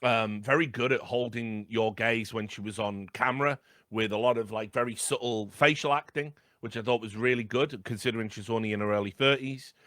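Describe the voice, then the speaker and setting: A man's voice: mid-range voice, fairly even intonation, fairly quick, fairly bright tone, no room sound, clean studio sound. A man co-hosting a podcast, chatting about a film in a rambling way with lots of ums. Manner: rambling, hesitant, many fillers. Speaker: podcast co-host. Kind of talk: casual film discussion.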